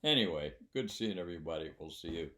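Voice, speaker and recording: An older man who once trained pilots tells a story in a low voice. He rambles with plenty of fillers and a dry sense of humor. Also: lively intonation, fast, a bit bright. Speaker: former military flight instructor. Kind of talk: casual spoken anecdote.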